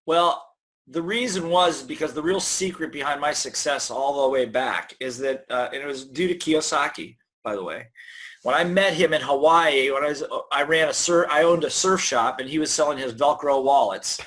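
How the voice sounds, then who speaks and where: A middle-aged man, a guest author, talking in a lively, storytelling way in an interview and acting out the voices in his head. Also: fairly high pitch, moderate pace. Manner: energetic storyteller, acts out inner voices. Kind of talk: conversational interview.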